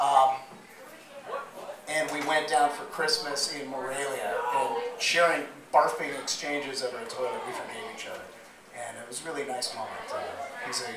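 Hoarse, profane man on a club stage. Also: medium pitch. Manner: profane, rambling storytelling. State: slightly hoarse. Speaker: spoken word performer. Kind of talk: live stage storytelling. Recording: roomy live recording from far off. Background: crowd murmur.

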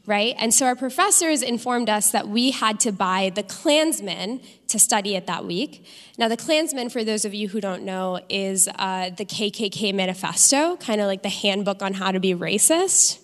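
A young adult woman doing a stand-up comedy set on a theater stage, landing punchlines deadpan in an animated delivery. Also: mid-range voice, long reverb tail. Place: theater stage with live audience.

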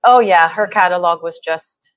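A woman guest on a morning radio show, chatting in an effusive, animated way and often repeating words as she gathers her thoughts. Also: fairly low pitch, normal speed, dry recording. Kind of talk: casual radio chat. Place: radio studio. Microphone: studio mic.

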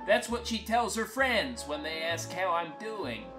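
A woman tells a crude, wry first-person comic story with a deadpan edge. She speaks slowly, and her pitch rises and falls a lot. Clear acoustic guitar plays behind her. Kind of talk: first-person comic monologue over music. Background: acoustic guitar music.

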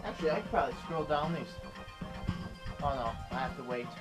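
A man's voice: fairly high pitch, brisk, loud music behind the voice. A man commenting on a video game as he plays, swearing a lot and ranting in frustration. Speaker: let's play gamer.

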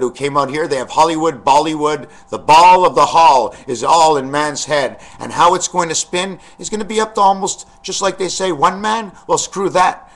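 A man's voice: fairly high pitch, a bit bright. A man talking to his webcam from the den of his house, ranting in an agitated, preachy way about numbers and the end of the world. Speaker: webcam vlogger. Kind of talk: rambling monologue to camera. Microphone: webcam mic.

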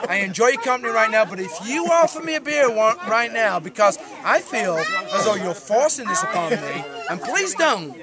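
A man's voice: very high voice, big pitch swings, moderate pace, few pauses. A man acting out a fed-up adult man who warns a pushy friend off offering him a drink. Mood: irritated. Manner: exasperated warning. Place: outdoors at a crowded gathering. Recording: outdoor crowd chatter behind.

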